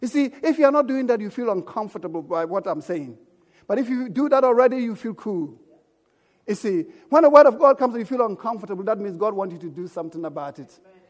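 A man's voice: sits high, expressive, quick pace. A man preaching a sermon as pastor, emphatic and calling out for amens from the congregation. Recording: echoey church hall.

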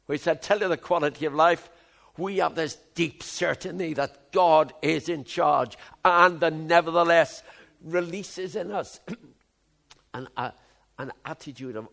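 A man in his seventies preaching a sermon, moving from low musing to loud, emphatic outbursts. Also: a little slow, creaky. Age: 70s.

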